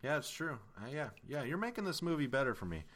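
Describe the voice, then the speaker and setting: A man in casual podcast chat about a film, animated and profane, often laughing. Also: on the high side, fast talker. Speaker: podcast co-host. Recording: music playing underneath.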